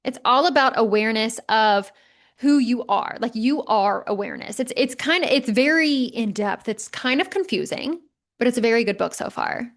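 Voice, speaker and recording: Woman podcast host in her thirties, slightly high voice, casual and emphatic with some swearing. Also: expressive, normal speed. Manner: emphatic, conversational, mild swearing. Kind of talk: casual motivational podcast monologue.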